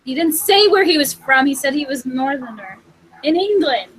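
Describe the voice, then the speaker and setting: A woman's voice: high-pitched, lively intonation, normal speed, poor audio. A woman hosting a casual chat, playful and laughing often. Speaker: host.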